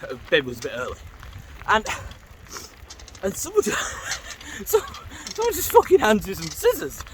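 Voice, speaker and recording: A man's voice: high-pitched, wildly swooping pitch, moderate pace, background noise. A man, telling rambling, swearing anecdotes while riding a bike outdoors and greeting passers-by mid-sentence. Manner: rambling, swearing, acts out voices in his anecdotes. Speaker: vlogger. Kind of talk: casual storytelling while cycling.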